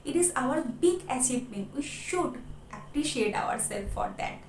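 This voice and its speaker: A woman's voice: high voice, expressive, normal speed, slight background noise. A woman from India with an Indian accent, giving an earnest motivational English lesson and often adding "okay" and "my dear friends". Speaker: English-speaking coach. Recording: echoey room with faint ambience.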